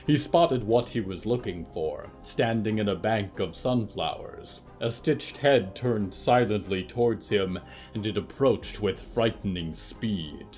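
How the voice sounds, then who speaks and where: A man narrating a dark fiction podcast in a measured, even storytelling voice. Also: on the low side, faint music behind. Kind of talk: scripted narration of horror fiction.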